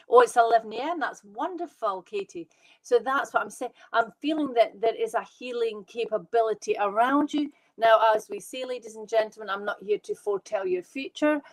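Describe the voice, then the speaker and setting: A woman working as a medium, giving live readings to viewers in an excitable, fast, reassuring way. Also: medium pitch, low-quality recording. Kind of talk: live online psychic reading.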